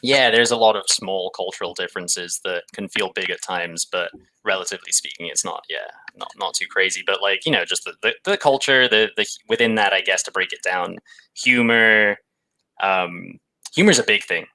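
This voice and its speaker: A young English man from London, his accent partly Americanized, talking in a deadpan way as a guest in a casual interview. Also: sits low, normal speed, low-quality recording. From England (London).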